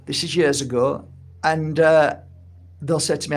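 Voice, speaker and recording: His voice is on the high side, with fairly even intonation and a measured pace. The middle-aged man, an energy healing teacher who started his own course, talks casually and earnestly to camera from the heart, playing out little quoted exchanges.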